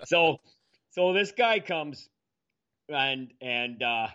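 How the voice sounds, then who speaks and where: A man telling an easygoing, meandering family story in a measured way during casual conversation. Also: on the high side, lively intonation, sharp tone. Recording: dull, muffled audio.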